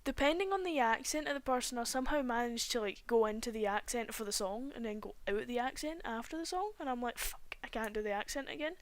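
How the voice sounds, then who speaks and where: A woman's voice: on the high side, expressive, quick pace, hardly any pauses, no room sound. A young woman, chatting casually and rambling while she draws on a stream, recorded on a cheap home microphone. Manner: rambling, chatty, often trails off mid-sentence. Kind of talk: casual chat while drawing.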